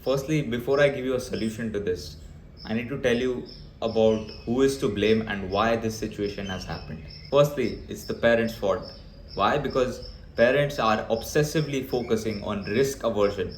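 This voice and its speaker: A man's voice: mid-range voice, moderate pace, roomy sound, slight background noise. A young man ranting bluntly and emphatically to camera as a vlogger, with frequent fillers. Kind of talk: opinionated talk to camera.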